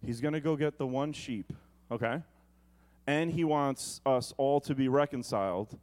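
A man's voice: mid-range voice, measured pace, darkish tone. A male pastor preaching a sermon in a conversational way, with comic asides.

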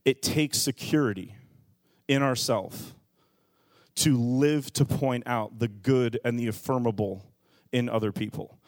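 A man's voice: medium pitch, a little slow, no echo. Storytelling man preaching, dry close sound. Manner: storytelling, animated with rising shouts. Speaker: pastor. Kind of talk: sermon.

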